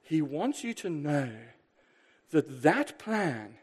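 A male pastor preaching a sermon, emphatic and lively, asking rhetorical questions and swinging between loud bursts and quiet asides. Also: fairly high pitch, slow pace, husky.

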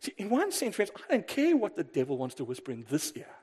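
High-voiced male preacher, emphatic. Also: fast talker, husky. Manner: emphatic, with rhetorical questions to the congregation; lively, alternating loud bursts and quiet asides. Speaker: pastor. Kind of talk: sermon.

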